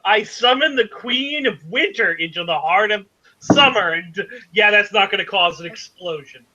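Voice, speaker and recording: Hellstimmiger Spielleiter, dumpfer Klang. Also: male voice, high-pitched, moderate pace, bright, forceful tone, lo-fi sound. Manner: rambling, hesitant narration with fillers. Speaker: game master. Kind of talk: narrating a tabletop game.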